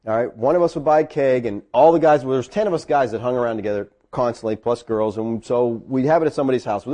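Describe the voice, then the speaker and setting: During a sermon, a middle-aged male pastor recounts something from his own life. When he gets worked up, his voice rises high.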